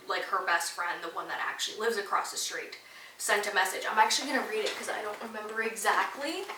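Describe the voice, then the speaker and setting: Young woman from toronto ranting on her podcast, swears a ton, bright sharp voice, echoey room kinda far from the mic. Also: mid-range voice, slight background noise. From Toronto, Canada. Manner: profane, animated, sassy. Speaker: podcast host. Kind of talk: casual storytelling monologue.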